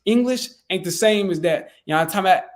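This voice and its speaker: A man's voice: high-pitched, steady tone, rapid-fire. Casual man coaching. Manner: conversational, loose, lots of fillers and restarts. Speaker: real estate sales coach. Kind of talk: casual teaching talk.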